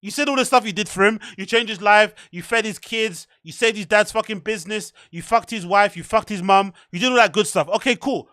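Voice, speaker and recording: A man's voice: high-pitched, fairly quick, hardly any pauses, pushed and bright, dry recording, clean studio sound. A man hosting reaction commentary, mocking, profane and exasperated. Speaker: show host.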